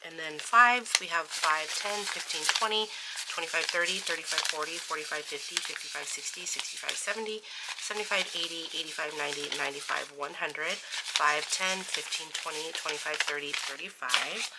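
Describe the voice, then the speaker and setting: A woman with a slightly low voice talks through her budget in a casual vlog, counting bills aloud and poking fun at her own slips. A loud background noise runs under the recording. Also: brisk. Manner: chatty, self-deprecating, laughs at her own slips; steady murmured counting of bills. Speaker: budgeting vlogger.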